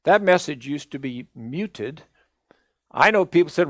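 Older guy preaching a sermon, higher voice, earnest and emphatic, dry sound. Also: animated, normal speed, fairly bright tone, dry recording. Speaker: minister.

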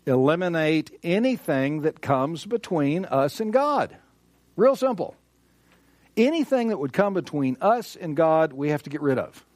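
A man's voice: on the high side, very animated, a little slow, darkish tone, dry recording. A man preaching a sermon with emphasis, repeating key phrases and asking rhetorical questions. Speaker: pastor.

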